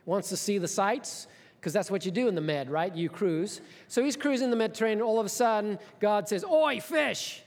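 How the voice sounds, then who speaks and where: A male pastor preaching with a notably high voice, lively and storytelling in manner. His words ring out with long reverb from a large church hall. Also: a little fast. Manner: storytelling, animated, conversational asides. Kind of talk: sermon.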